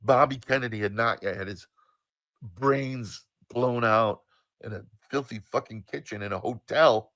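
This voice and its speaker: Man, 60s, animated emphatic storyteller, forceful tone, dry close mic. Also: medium pitch, dry recording. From United States. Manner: animated, emphatic, swears, drawn-out pauses. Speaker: storyteller, show host. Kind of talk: casual personal storytelling.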